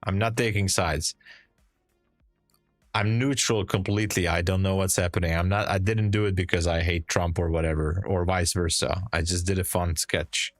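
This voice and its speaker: Sleepy low-voiced male trading streamer. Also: fairly even intonation, moderate pace, dry recording, soft background music. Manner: rambling, loose and chatty. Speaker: day trading livestream host. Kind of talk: casual live stream chat.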